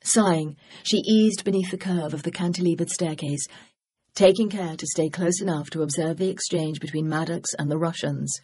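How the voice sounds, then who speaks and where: An audiobook narrator reading a mystery novel in a steady, measured way. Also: mid-range voice, slightly rough. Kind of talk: scripted narration.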